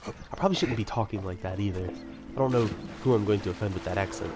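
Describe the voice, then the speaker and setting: A man's voice: on the low side, quick pace. A man giving casual, rambling commentary while playing a video game, with chatty self-mocking asides. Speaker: let's-play commentator. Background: video game music.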